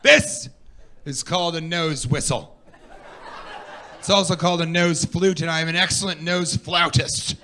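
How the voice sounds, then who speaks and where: A man doing stand-up comedy on a club stage, telling animated stories and putting on mocking high voices for the people he quotes. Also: measured pace, long pauses, slight background noise. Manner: animated storytelling, quoting his partner in a mocking high voice.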